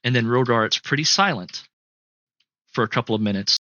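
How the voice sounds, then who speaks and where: A man running a tabletop game as game master, telling the scene in a halting way with lots of fillers. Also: medium pitch, expressive, sharp tone, no echo. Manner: halting, filler-heavy storytelling.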